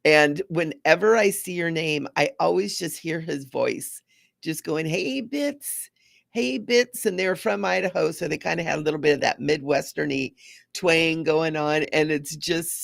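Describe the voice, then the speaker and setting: A woman's voice: deep voice, normal speed, gravelly, dry recording, clean studio sound. A woman hosting a live spiritual card reading, chatty and affirming, repeating mantras to her viewers. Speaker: intuitive card reader.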